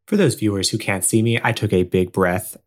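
Guy w a lowish voice narrating his character in a tabletop game, casual and rambly. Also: fairly quick. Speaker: player.

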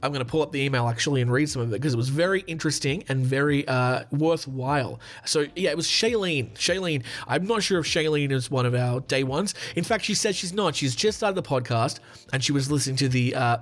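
A man's voice: mid-range voice, brisk. A man hosting a podcast in a chatty, rambling monologue, with frequent fillers and restarts. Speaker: podcast host.

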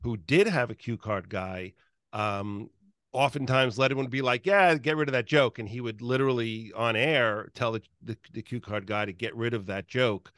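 Male interviewer, mid-pitch, enthusiastic, filler-heavy, dry recording. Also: normal speed, a bit bright, no echo. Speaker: podcast host. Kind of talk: casual interview chat.

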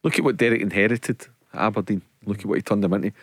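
A man, a football pundit on the radio, talking quickly with many "you know" fillers. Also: on the low side, steady tone, no room sound, clean studio sound. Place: radio studio.

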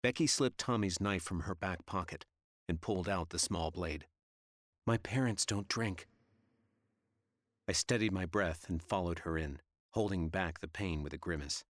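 A man reads a gritty novel aloud in a steady, measured way. His voice sits very low, and the recording is close and dry with no room sound. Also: no room sound. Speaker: audiobook narrator. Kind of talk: scripted narration.

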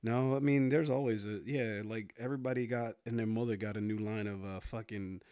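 A man's voice: fairly even intonation, brisk, warm tone, smooth, dry recording, clean studio sound. A young man co-hosting a podcast, telling stories with jokes and mimicking people in a raised voice. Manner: joking storyteller, mimics people in higher voices. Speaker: podcast co-host. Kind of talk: casual chat.

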